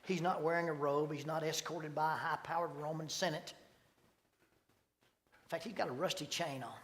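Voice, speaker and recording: A middle-aged man preaching a sermon, telling stories and acting out voices with sudden loud bursts. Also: on the high side, fairly even intonation, moderate pace, a little hiss or hum. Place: church sanctuary. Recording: long hall reverb.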